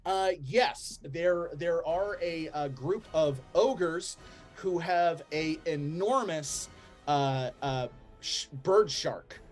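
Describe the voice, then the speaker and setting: A man narrating a tabletop game as game master, relaxed, with frequent ums and laughs. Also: fairly high pitch, drawn-out words, soft background music.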